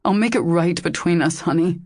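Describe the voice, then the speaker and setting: A woman's voice: lowish voice, brisk, a little mellow, no echo, clean studio sound, natural voice. A woman reading a remorseful, stubborn man. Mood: determined. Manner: emphatic and determined. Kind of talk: audiobook character voice.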